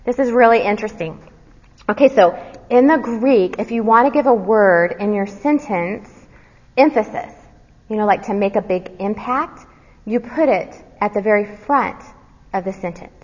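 A woman giving verse-by-verse Bible teaching, earnest, quizzing her listeners and dropping to a soft, low voice on key words. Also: moderate pace. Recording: dull recording with long hall reverb.

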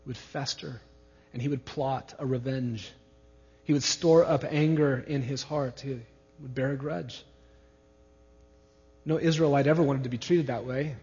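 A man's voice: mid-range voice, a little mellow. Emphatic male preacher in an echoing hall. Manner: emphatic, repeats key words. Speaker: pastor. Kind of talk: expository sermon. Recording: reverberant hall, dull lo-fi sound.

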